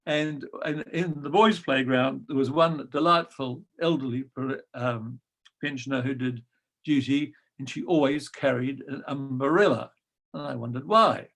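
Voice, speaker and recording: An older man reminiscing about his teaching days in a gentle, wry storytelling manner with frequent pauses. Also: mid-range voice. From New Zealand. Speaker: guest storyteller. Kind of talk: reminiscing anecdote.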